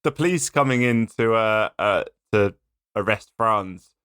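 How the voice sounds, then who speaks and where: A man's voice: lowish voice, measured pace, a bit bright, clear, resonant tone, no echo, studio quality. A man co-hosting a podcast, giving wry, laid-back takes on a film. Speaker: podcast co-host. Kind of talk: casual film review chat.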